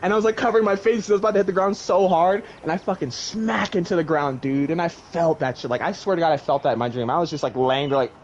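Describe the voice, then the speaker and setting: A young man in casual chat, retelling a wild dream and acting out its voices with lively swearing. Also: on the high side, fast, few pauses. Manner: animated storyteller, acts out voices, swears casually. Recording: dull lo-fi sound with faint noise.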